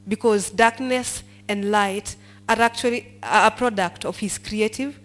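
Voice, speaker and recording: An unhurried woman with a mid-range, somewhat bright voice guides a Bible study. She reads passages aloud and unpacks them, quizzing the group and prompting them to finish lines, all in a mix of English and Swahili.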